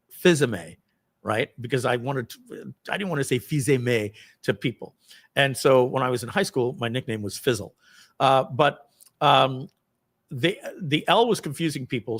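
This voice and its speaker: A middle-aged man telling a personal story to an audience, acting out the people in it with a raised voice and casual asides. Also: mid-range voice. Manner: acts out quoted people with loud raised voice; casual, swears lightly, many asides.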